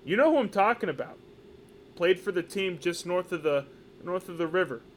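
Male podcast co-host, higher voice, lively and jokey, casual sports chat. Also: normal speed, slight background noise. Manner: animated, joking, repeats himself. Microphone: podcast microphone.

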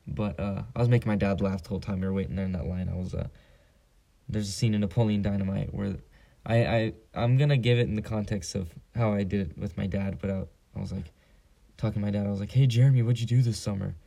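A man's voice: lowish voice, steady tone, fast talker, creaky, dark tone. A teenage boy hosting a casual solo podcast, telling a joking, profane story. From San Diego. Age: teens. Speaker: podcast host.

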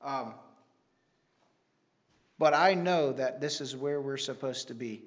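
A man's voice: mid-range voice, slow. A man giving an earnest, rambling church testimony with many restarts. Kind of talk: sermon testimony.

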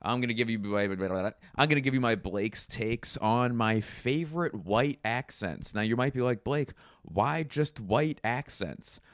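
A man hosting a comedy podcast, rambling through deadpan absurd asides. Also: medium pitch, normal speed, hardly any pauses, no room sound, clean studio sound. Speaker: podcast host.

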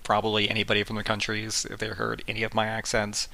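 Gravelly, bright-toned laid-back man. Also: on the low side, completely flat delivery, fast talker, low-quality recording. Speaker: podcast co-host. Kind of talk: casual podcast chat.

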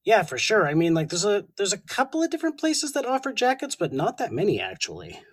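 A man's voice: high-pitched, wildly swooping pitch, fast talker, low-quality recording. A Canadian man co-hosting a podcast, chatting casually, joking and laughing easily. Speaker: podcast co-host.

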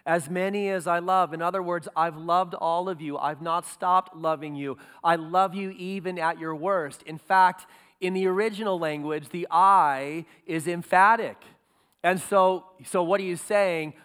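A man's voice: high voice, fairly even intonation, a little slow, a bit bright, smooth, long reverb tail. A man preaching a sermon as pastor, earnest and building to emphatic peaks.

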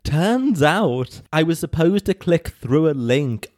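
A man's voice: on the high side, very animated, takes it slowly, a little mellow, no room sound, studio quality. A man co-hosting a podcast, telling a funny story about himself and laughing. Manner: storytelling, self-mocking, laughs often. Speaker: podcast co-host. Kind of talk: casual chat.

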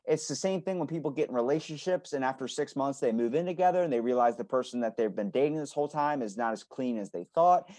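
A man's voice: a little high, a little mellow, dry recording, studio quality. A man hosting a podcast who talks bluntly, gives strong opinions and swears freely. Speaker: podcast host. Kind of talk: casual conversation.

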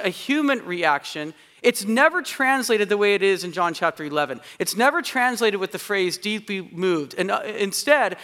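High bright-voiced preacher in a reverberant hall. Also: male voice. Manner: earnest, slows and softens on key verses. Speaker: pastor. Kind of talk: sermon.

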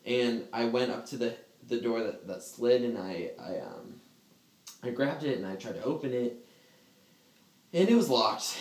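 A man's voice: medium pitch, lively intonation, moderate pace. Casual male storyteller, rambling and laughing, fillers galore, roomy echo. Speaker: storyteller in a group chat. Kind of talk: casual chat.

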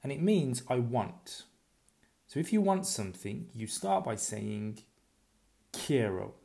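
Relaxed man teaching a language lesson. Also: mid-range voice, creaky. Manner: slow, repetitive drilling with pauses for practice; chatty and self-deprecating.

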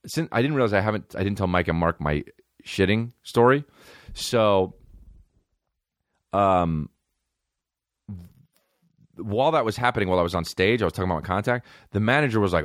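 A young adult man hosting a comedy podcast, telling stories in a profane, rambling, animated way and voicing the people he quotes. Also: fairly low pitch, moderate pace, long pauses, no room sound, studio quality. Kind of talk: casual podcast storytelling.

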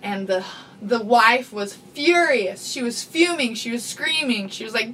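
A woman's voice: a little high, moderate pace, fairly bright tone, far from the mic. A middle-aged woman chatting as a podcast guest, laughing often and telling a story with acted-out voices. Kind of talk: casual chat.

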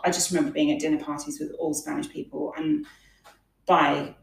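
A woman's voice: low-pitched, very animated, brisk, creaky. A woman guest in a casual interview, telling stories in a chatty way with many fillers. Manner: chatty, storytelling, frequent fillers. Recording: echoey room, distant from mic.

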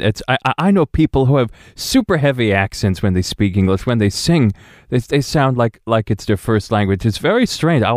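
A man's voice: medium pitch, no echo, clean studio sound. A man hosting an interview, chatting casually with frequent stammered restarts. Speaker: interviewer host, cellist. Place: rural home.

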